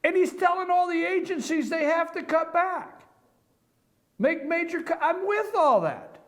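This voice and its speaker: Brief: male morning show host, very high voice, emphatic monologue full of rhetorical questions. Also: expressive, measured pace. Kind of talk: opinion commentary monologue. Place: office.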